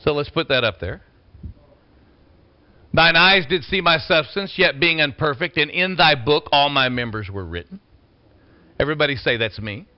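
A man preaching with a high voice that swings widely, leaping from low, quiet asides to shouted calls. His delivery is animated and exclamatory. The recording sounds slightly dull and lo-fi. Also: normal speed. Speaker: pastor. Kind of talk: sermon.

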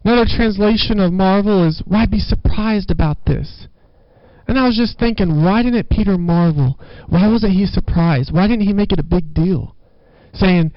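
A man's voice: high voice, moderate pace, no room sound, lo-fi sound. A male pastor preaching a sermon with rising fervor, repeating phrases for emphasis.

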